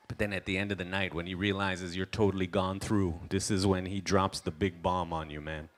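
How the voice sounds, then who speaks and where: A man's voice: low voice, flat delivery, a little fast, a little hiss or hum. A young man performing a stand-up comedy set, telling stories animatedly with lots of asides.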